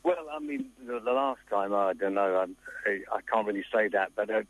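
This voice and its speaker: A man calling in to a radio show, speaking hesitantly and haltingly over a phone line. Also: lowish voice. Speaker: caller.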